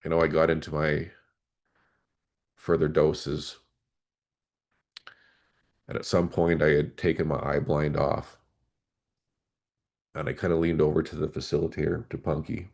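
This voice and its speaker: Very deep, gravelly man telling his story. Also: little pitch movement, unhurried, long pauses, darkish tone. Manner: earnest, emotional, candid recounting. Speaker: podcast guest, former police officer. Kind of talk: personal story in an interview.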